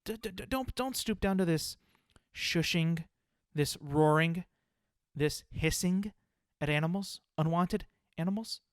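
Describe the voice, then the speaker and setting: A young man talks through a solo comedy podcast with a slightly high-pitched voice. He wanders and hedges with plenty of fillers, poking fun at himself. The sound is dry and close, with no room around it. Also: unhurried, no echo. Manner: rambling, filler-heavy, self-deprecating. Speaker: podcast host.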